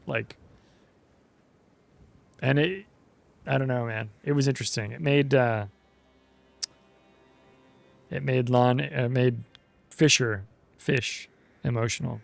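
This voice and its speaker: A man's voice: medium pitch, unhurried, gravelly, long pauses, dry recording. A man giving casual, laid-back commentary as he plays a story game. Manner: laid-back, chatty, says dude and jeez. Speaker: let's play host.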